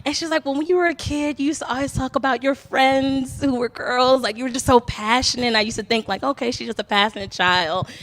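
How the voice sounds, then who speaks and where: A woman's voice: sits high, fairly quick, hardly any pauses, a bit bright. A young woman from Detroit telling a candid personal story at a live storytelling event, rambling and laughing often. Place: barbershop.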